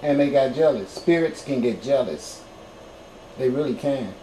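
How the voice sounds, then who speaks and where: A man telling his own story to viewers in a casual, animated way, swearing freely and getting loud when excited. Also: mid-range voice, moderate pace, slight background noise. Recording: roomy echo, faint background ambience.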